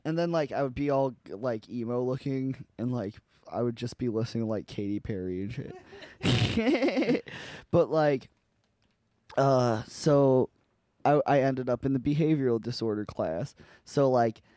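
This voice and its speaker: A young man tells a winding story on a podcast, full of swearing and filler words. His pitch is middling and the recording is dry and close, with no room sound. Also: normal speed, warm tone, no room sound. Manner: rambling, profane, lots of fillers. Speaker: podcast co-host. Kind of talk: casual storytelling chat.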